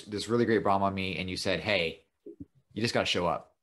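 A man's voice: deep voice, normal speed, pauses often, a bit bright. A man hosting a podcast, chatting casually and praising his guest with enthusiasm. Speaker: podcast host. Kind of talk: casual interview talk.

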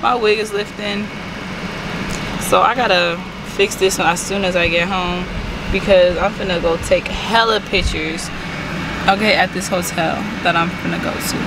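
A young woman vlogging in a casual, animated way, full of slang and swearing. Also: mid-range voice, moderate pace, creaky, heavy background noise. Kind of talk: casual vlog chat. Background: loud music.

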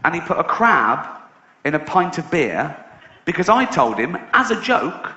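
An English male stand-up comedian telling blunt, profane stories, rising to incredulous shouts. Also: a little high, big pitch swings, measured pace. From England. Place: live theatre stage. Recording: echoey dull live hall recording with crowd.

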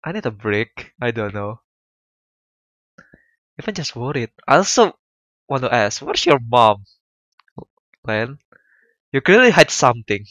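A man's voice: medium pitch, sing-song, measured pace, pauses often, fairly bright tone, no echo. A young man streaming a visual novel, reacting emotionally and apologizing often as he plays. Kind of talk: let's play commentary.

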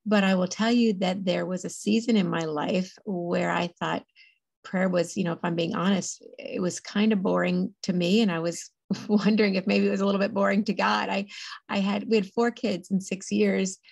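Gravelly, husky woman guest. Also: medium pitch, steady tone, a little mellow, no room sound. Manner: earnest, chatty, quick laughs. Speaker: podcast guest, author. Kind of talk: casual interview talk.

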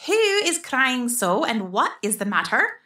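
A woman's voice: high voice, sing-song, a little slow, sharp tone, pitched above the performer's own voice, heavily acted. Woman putting on a cranky grown-up fairy, growly and annoyed, storybook voice. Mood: exasperated. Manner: growling, exasperated demands. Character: adult fairy, sharp-faced, stern, exasperated.

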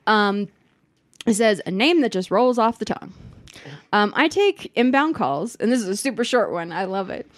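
A woman's voice: medium pitch, lively intonation, moderate pace. A woman co-hosting a podcast in casual chat, blunt and profane, often laughing as she talks. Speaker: podcast co-host.

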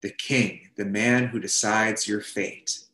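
A man's voice: on the low side, steady tone, takes it slowly, sharp tone, reverberant. A male pastor preaching a sermon, retelling a story in the second person and voicing the characters' lines as he goes. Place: church.

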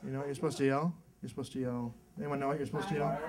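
A male stand-up comedian performing a routine on a club stage, mixing deadpan setups with acted-out voices. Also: on the high side, racing, hardly any pauses. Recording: live club set with loud crowd laughter.

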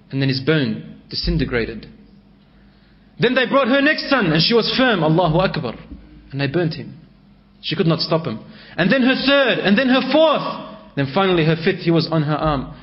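High-voiced dramatic male preacher. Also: highs cut off. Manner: dramatic, swinging from raised to hushed delivery. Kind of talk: sermon storytelling.

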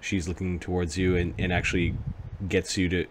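A man with a deep voice runs a tabletop game, narrating in a halting way with frequent restarts. Clear background noise runs under his voice chat. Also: level tone. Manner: halting, with many restarts and fillers. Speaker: game master.

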